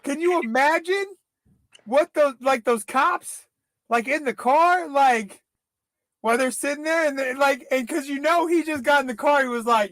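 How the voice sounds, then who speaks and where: Guy with a high voice cracking jokes and cursing on a podcast, dry mic. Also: a bit bright, no room sound. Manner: rambling, swearing, quick impressions. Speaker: podcast co-host. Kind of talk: casual profane chat.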